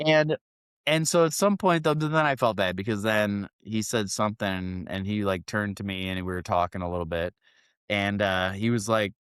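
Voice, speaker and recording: Low-voiced, profane Midwestern guy storytelling. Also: moderate pace, clean tone, dry recording, clean studio sound. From Northwest Indiana, Chicago area. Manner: profane, rambling, animated when acting out quotes. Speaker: podcast co-host. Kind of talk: casual podcast chat, storytelling.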